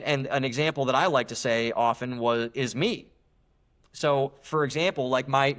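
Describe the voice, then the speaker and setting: A young man talks as a guest on a podcast, earnest and emphatic. He often restarts his sentences as he builds a point. His voice sits at a middle pitch. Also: a bit bright. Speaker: guest author. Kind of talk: podcast interview.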